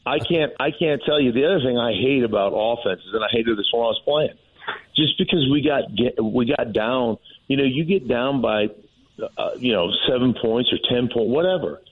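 A man's voice: medium pitch, normal speed, breathy edge, phone-quality sound. A former player turned football analyst, a man talking animatedly in casual sports talk over a call line. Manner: animated storyteller.

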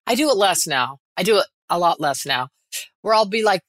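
A woman speaks as a guest on a podcast, animated and quick to act out little quotes. She restarts her sentences often. Her voice is bright and clear, and the sound is dry and close. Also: fairly low pitch, dry recording. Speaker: actress guest. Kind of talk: casual podcast chat.

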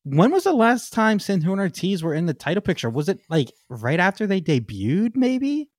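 A man co-hosting a podcast in casual chat, excitable, laughing often and trailing off with ums. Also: high voice, a little fast, dry recording, studio quality. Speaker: podcast co-host.

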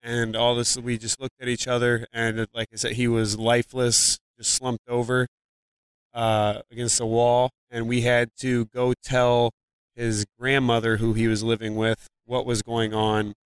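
A man from Ohio guesting on a podcast, talking through a story in a loose, rambling way, full of "like" and the odd curse. His voice is smooth and even, caught dry and close with almost no room sound. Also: medium pitch, a little slow, dry recording. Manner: rambling, frequent "like" fillers and swearing. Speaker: comedian guest. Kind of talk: casual storytelling in a podcast interview.

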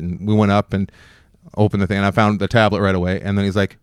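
A middle-aged man spins a rambling, swear-laced story at a rapid clip, slipping into quick impressions of the people in it. His voice sits at an ordinary pitch and is recorded close and dry, with no room sound. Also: level tone, clear, resonant tone, no room sound. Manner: rambling anecdote with profanity and acted-out dialogue. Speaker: podcast co-host. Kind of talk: casual storytelling chat.

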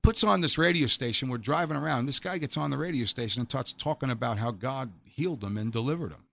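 A middle-aged man shares his personal faith testimony in an interview, speaking fast in a mid-range, gravelly, slightly bright voice. He's earnest and emphatic, often repeating the first word of a phrase.

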